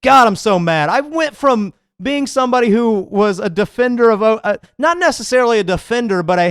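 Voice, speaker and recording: A man's voice: high-pitched, animated, a little fast, hardly any pauses, fairly bright tone, smooth, no room sound, clean studio sound. A man hosting a comedy podcast, ranting in a loose, profane, fired-up and rambling way. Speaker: podcast host. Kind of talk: casual comedic rant.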